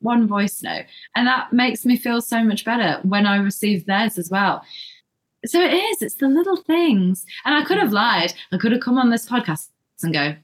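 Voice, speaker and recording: Woman, young adult, chatty podcast guest, quick and self-deprecating. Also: on the high side. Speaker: guest, yoga and flexibility instructor. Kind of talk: casual podcast conversation.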